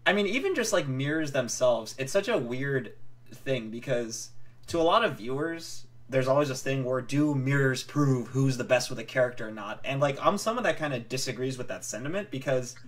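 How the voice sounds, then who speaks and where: A man's voice: medium pitch, normal speed. Laid-back male podcast host. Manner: relaxed, short backchannels, laid-back questions. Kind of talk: casual interview chat.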